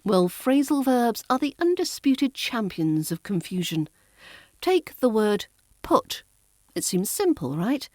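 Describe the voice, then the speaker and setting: Woman, RP accent, accent coach, scripted lesson, slow deliberate pace, playful crisp delivery, dry close recording. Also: on the high side, big pitch swings, darkish tone, no echo. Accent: Southern English (RP). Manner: crisp and lightly playful, drawing out example words. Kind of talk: scripted teaching podcast.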